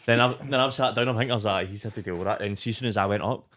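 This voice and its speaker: A man's voice: fairly low pitch, rapid-fire, slight background noise. A young man with a Scottish accent, a podcast guest telling rambling, sweary stories in casual chat. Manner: rambling, sweary, animated storytelling.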